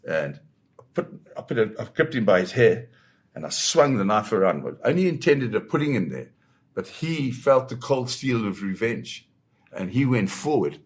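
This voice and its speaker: An older man, a war photographer, recounting a dramatic story in an interview with vivid, halting restarts. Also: lowish voice.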